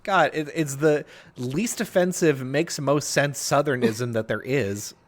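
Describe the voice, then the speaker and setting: A man co-hosting a podcast in casual chat, animated and quick to laugh, full of fillers and restarts. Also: medium pitch. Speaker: podcast co-host.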